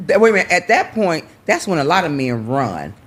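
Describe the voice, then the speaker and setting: A man's voice: a little high, very animated, a little fast, a bit bright. A man hosting a talk show, responding emphatically to his guests. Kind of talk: casual chat.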